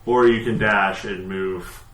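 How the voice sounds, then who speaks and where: A man's voice: fairly low pitch, slow pace. A man narrating as dungeon master in a tabletop game, talking loosely with many fillers. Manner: relaxed, hesitant, many fillers. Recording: echoey room, faint noise.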